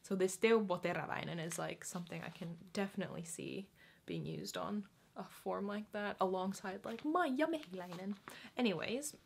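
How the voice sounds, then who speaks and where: A young woman giving a casual pronunciation lesson, patiently repeating each word slowly and carefully. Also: mid-range voice, big pitch swings, gravelly, breathy edge. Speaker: language teacher.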